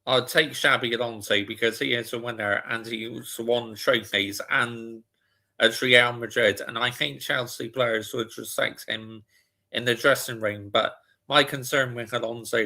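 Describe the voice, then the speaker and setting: Man, slow gravelly delivery, bright tone, casual watch-along streamer answering chat. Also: medium pitch. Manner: chatty, reads out viewer comments and answers them. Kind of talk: casual live football chat.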